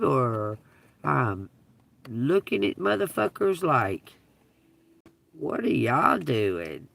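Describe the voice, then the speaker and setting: Gravelly woman telling stories on a stream. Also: lowish voice, dry recording, distant mic. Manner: profane, laughing, swings into loud outbursts. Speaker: livestream host. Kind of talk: casual livestream storytelling. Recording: dry, from away from the mic.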